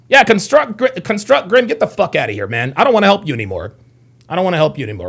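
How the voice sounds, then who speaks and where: A male live streamer answers his chat with a high, animated voice that swings widely in pitch. He rants angrily, swears freely and says the same phrase again and again. He sounds like he is talking at home into a streaming mic. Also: fast, vocal fry, slightly rough. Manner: angry, profane, repeats himself, talks back to chat. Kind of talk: heated livestream commentary.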